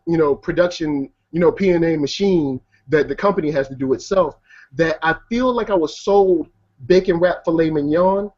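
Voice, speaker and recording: A man giving his take on a film in relaxed, slangy casual talk. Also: fairly high pitch. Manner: laid-back slangy talk, laughs easily. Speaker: film reviewer. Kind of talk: casual debate. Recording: muffled lo-fi video call audio.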